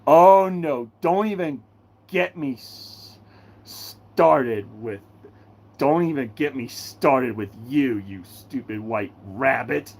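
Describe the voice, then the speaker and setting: A young-sounding speaker voicing an irritated male Luigi who snaps back in a lower, grumbling voice. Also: animated, slow pace, darkish tone.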